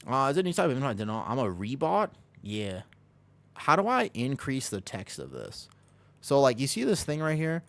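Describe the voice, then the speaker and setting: A man's voice: mid-range voice, wildly swooping pitch, normal speed, creaky, a bit bright. Rambling casual male streamer. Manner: rambling, self-deprecating, reads chat aloud. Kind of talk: casual chat with live chat. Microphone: desk microphone.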